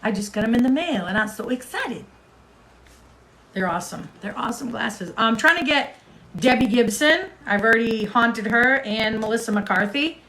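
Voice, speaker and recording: Woman livestream host, chatty and casual, voice a bit high. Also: lively intonation, normal speed, bright, forceful tone, a little hiss or hum, poor audio. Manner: chatty, talks to viewers in the comments.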